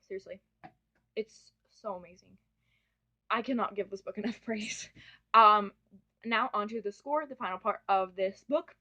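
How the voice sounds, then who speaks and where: A woman's voice: medium pitch, bright, forceful tone. A young woman chatting through a casual book review, gushing and often breaking off to correct herself. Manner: gushing, chatty, self-interrupting. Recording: dull lo-fi home recording.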